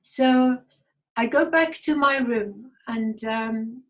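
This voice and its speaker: A woman telling a personal story to an online group over a video call, halting and hesitant, with many fillers and restarts. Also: a little high, fairly bright tone. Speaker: guest speaker. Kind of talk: personal testimony talk.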